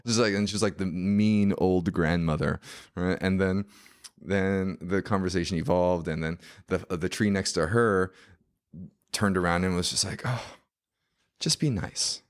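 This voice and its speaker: Man with a very low voice, podcast guest, animated casual storyteller. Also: normal speed, smooth. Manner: animated, many fillers like "like".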